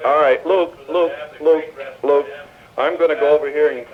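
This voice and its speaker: A man's voice: a little high, fairly even intonation, moderate pace. A man hosting a live call-in radio show, jovial and soothing with his guests. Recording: tinny 1970s radio broadcast with faint hiss.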